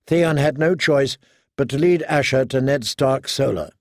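Male narrator, measured dramatic storytelling, dry close sound, gravelly. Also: mid-range voice, no echo. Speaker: audiobook narrator. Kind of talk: scripted narration.

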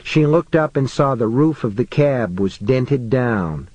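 Slow, dry-voiced male audiobook narrator. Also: mid-range voice, expressive, a little mellow, no room sound, low-quality recording. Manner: measured, tense storytelling.

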